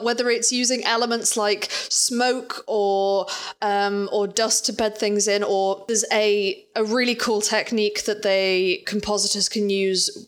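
A woman co-hosts a casual podcast and explains technical visual effects work. Her delivery is patient and explanatory, with dry, wry asides. Her voice sits at an ordinary middle pitch.

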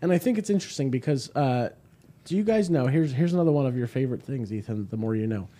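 A man's voice: mid-range voice, animated, fast talker, warm tone. A young man hosting a casual podcast, reading beer labels aloud and explaining the style. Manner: reads product blurbs aloud, explanatory. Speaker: podcast host.

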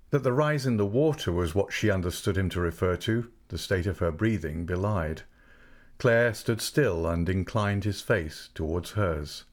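A man narrating a classic novel as an audiobook, with a measured, unhurried literary delivery. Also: low voice.

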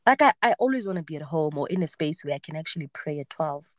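A woman's voice: deep voice, expressive, fast. A woman in her late twenties, hosting a podcast and telling a personal story in casual chat, acting out the voices she quotes. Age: 20s. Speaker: podcast host.

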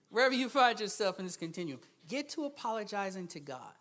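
Delivering a sermon as a visiting preacher, this man talks fast with few pauses in a high, sing-song voice. His delivery lurches from quiet asides to loud, forceful outbursts, with frequent laughter.

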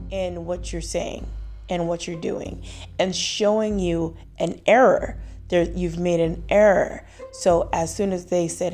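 A woman hosting a casual faith talk show, reflective and quick to laugh, acting out the lines she quotes. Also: fairly low pitch, warm tone. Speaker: podcast host.

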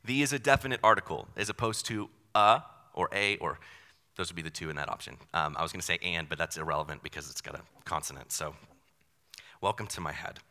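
Bright-voiced young man preaching in a hall. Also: low-pitched, fast. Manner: conversational, self-deprecating preaching. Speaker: pastor. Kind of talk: sermon. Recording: long hall reverb.

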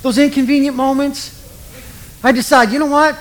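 A man's voice: extremely high pitch, steady tone, moderate pace. A middle-aged man preaching a sermon in a casual, joking way, acting out the voices of the people he quotes. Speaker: pastor.

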